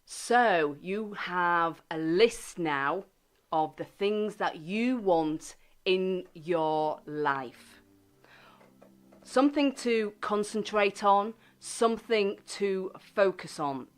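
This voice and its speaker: A woman hosting a self-help radio show, speaking gently and deliberately and stressing key words. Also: medium pitch.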